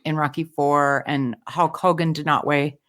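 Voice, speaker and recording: A woman's voice: sits low, steady tone, measured pace, a bit bright. A woman co-hosting a movie podcast, playful and giddy, tossing questions to the others. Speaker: podcast co-host. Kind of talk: casual movie chat.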